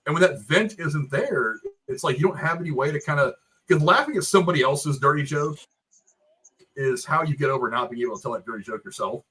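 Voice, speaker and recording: Husky male co-host, slightly high voice, thoughtful, explains at length. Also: animated, fairly quick, sharp tone, poor audio. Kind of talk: casual movie review chat.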